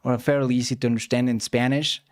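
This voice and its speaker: A man chatting casually as a reaction streamer, musing aloud in a relaxed, easygoing way. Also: medium pitch, quick pace. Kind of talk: casual chat.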